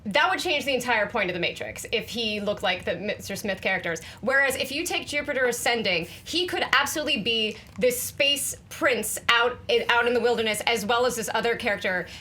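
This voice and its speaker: A woman's voice: a little high, expressive, brisk, few pauses, bright, forceful tone. A woman arguing her point firmly in a comedy movie debate. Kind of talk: panel debate.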